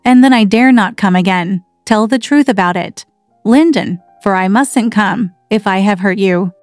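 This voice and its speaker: A woman's voice: medium pitch, normal speed, dry recording, soft background music, lightly acted. A woman reading the part of an eager, coaxing girl of almost seventeen in a storybook reading. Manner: pleading and coaxing.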